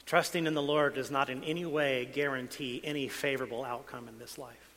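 Male pastor, bright, ringing voice, sermon delivery with dramatic soft-loud swings, church hall reverb. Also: mid-range voice, steady tone, fairly quick. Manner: dramatic shifts between soft asides and loud emphasis.

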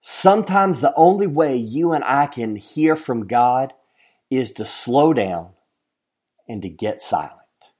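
A man's voice: medium pitch, expressive, takes it slowly. Earnest preaching man. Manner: earnest, shifts from emphatic to hushed; addresses listeners directly with questions. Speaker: pastor. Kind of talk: sermon.

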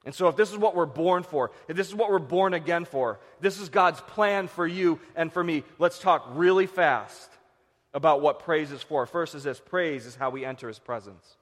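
A male pastor preaching a sermon, swinging from loud shouts to hushed low phrases. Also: moderate pace, long reverb tail.

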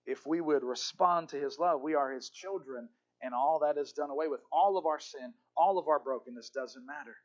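High-voiced man preaching emphatically. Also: moderate pace. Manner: emphatic, repetitive, stammers on restarts. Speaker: pastor. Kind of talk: sermon. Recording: dull lo-fi recording.

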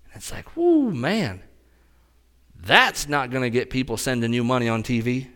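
A man preaching a conversational sermon as a pastor, talking straight to his congregation in an animated way. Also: fairly high pitch.

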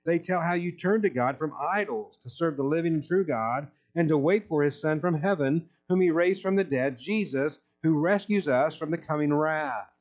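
Male pastor preaching a sermon, emphatic delivery, slightly raised pitch, muffled lo-fi recording. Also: moderate pace, hardly any pauses. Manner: emphatic, reads scripture aloud then explains it. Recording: dull lo-fi recording.

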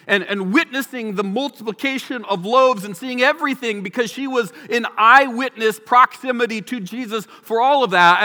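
A man preaching a sermon as pastor, animated, acting out the people in the story. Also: very high voice. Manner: animated, acts out the people in the story in quick voices. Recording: long hall reverb.

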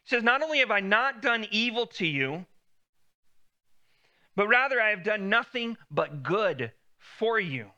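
A man's voice: high voice, big pitch swings, a little slow, bright, forceful tone, dull audio. A man preaching a sermon in a conversational way, lifting his voice when he quotes God.

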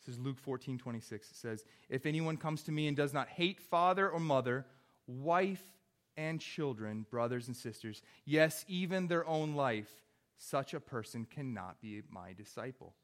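A man's voice: on the high side, expressive, unhurried. A young adult man, a pastor, preaching a sermon in an earnest, conversational way with wry asides.

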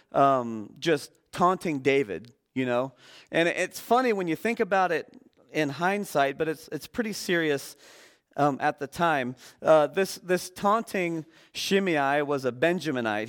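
A man preaching as a guest speaker in a relaxed, conversational sermon, joking with the congregation and using many fillers. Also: on the high side. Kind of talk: casual sermon.

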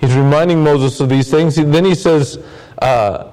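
A man's voice: fairly high pitch, measured pace, dark tone, rough recording. A man preaching a sermon as pastor, earnest, often repeating words and phrases for emphasis.

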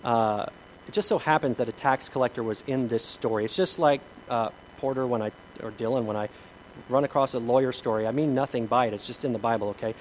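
Over slight background noise in a rough recording, a middle-aged pastor with a mid-range voice delivers a sermon fast. He brings the story to life with humor, acting out the people in it in different voices.

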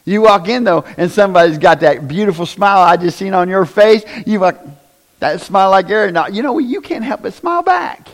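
High-voiced man preaching a sermon. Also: expressive, a little fast. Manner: conversational preaching, rising to loud emphatic bursts; asks the congregation questions often. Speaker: pastor.

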